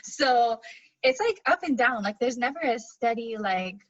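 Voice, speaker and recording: A woman's voice: on the high side, expressive, unhurried, no room sound, highs cut off. A young Canadian woman with a Canadian accent, a guest answering in a giggly, hesitant way with many fillers. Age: young adult. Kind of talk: casual video-call interview.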